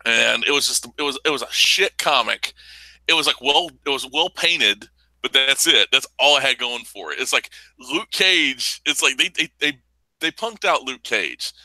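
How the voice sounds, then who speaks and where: A man with a strikingly bright, sharp tone talks comics in a loose, rambling way, swearing freely and breaking into laughter. The sound is dry and close, with no room around him. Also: medium pitch, moderate pace, no room sound, rough recording. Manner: profane, rambling, animated with laughing outbursts. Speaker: podcast co-host. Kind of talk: casual comics chat.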